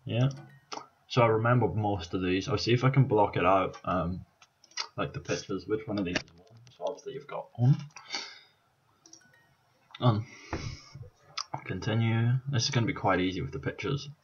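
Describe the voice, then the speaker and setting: A Scottish man in his twenties speaks in a low, slightly husky voice, chatting casually and swearing as he thinks aloud. He sounds tired after a sleepless night, and the recording is a little dull and lo-fi. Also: steady tone, fairly quick. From Scotland. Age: 20s. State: tired, up all night on coffee. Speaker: YouTuber. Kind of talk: casual vlog commentary.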